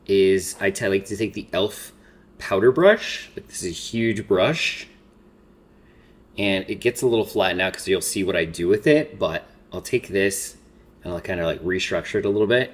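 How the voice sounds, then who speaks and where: A man in his thirties telling a personal story in a rambling, filler-heavy way while doing his makeup, holding back tears. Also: low voice. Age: 30s. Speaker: makeup vlogger. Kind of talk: casual get-ready-with-me chat.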